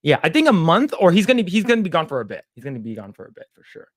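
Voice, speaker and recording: A man's voice: fairly high pitch, huge pitch swings, very fast, no echo, studio quality. A man co-hosting a casual livestream, stammering and repeating words as he reads the chat aloud. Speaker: podcast co-host.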